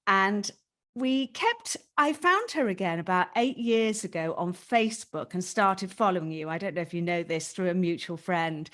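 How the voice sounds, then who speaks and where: A woman's voice: mid-range voice, fairly bright tone. A woman hosting a podcast, telling a personal story to her guest in a candid, emotional way and swearing casually. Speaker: podcast host.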